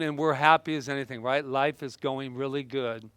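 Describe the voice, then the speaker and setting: Bright, animated man giving a talk. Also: medium pitch, normal speed, hardly any pauses, clean tone, no echo. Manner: animated and playful, laughs and exclaims often. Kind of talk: live motivational talk with props.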